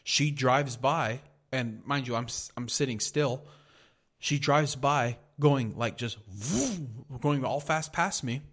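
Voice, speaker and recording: A man's voice: mid-range voice, steady tone, takes it slowly, fairly bright tone. A man hosting a podcast, telling a heated, profanity-filled story in a casual rant. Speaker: podcast host.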